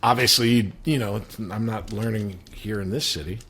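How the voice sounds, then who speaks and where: A man's voice: on the low side, fairly even intonation, moderate pace, a crowd in the background. A man, a guest actor, casually recounting stories from a set and laughing as he tells them. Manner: storytelling, laughs while recounting. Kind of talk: casual podcast chat.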